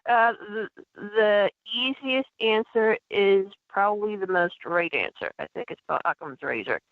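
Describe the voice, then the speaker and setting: A woman calls in by phone as a guest on a radio show, talking chattily and restarting her sentences often. Her voice is mid-pitched and comes through a thin, tinny phone line. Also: expressive, no room sound. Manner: halting, many restarts, chatty. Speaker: paranormal investigator guest. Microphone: telephone.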